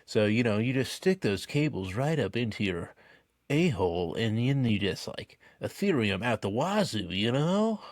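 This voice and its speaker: A man co-hosting a casual comedy podcast, telling absurd jokes in a deadpan way and laughing often. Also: medium pitch, moderate pace, dry recording, studio quality. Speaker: podcast co-host.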